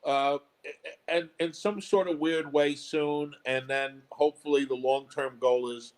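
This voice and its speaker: A man, a comedy club owner and guest, talking in a casual interview in a measured, thoughtful way. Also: fairly high pitch, fairly even intonation, poor audio.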